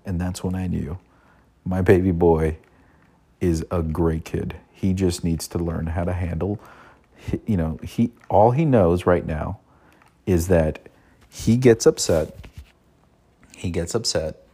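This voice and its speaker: A man's voice: sits low, fairly even intonation, a little slow, long pauses, husky. A father telling a personal parenting story in an earnest way, often repeating and restarting his phrases. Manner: earnest, repeats himself, soft quoted asides. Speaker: father giving parenting advice.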